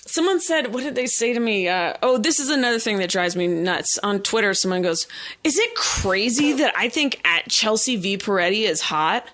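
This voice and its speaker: A woman hosting a comedy podcast, chatting casually with a sardonic, deadpan edge. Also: mid-range voice, normal speed. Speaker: podcast host.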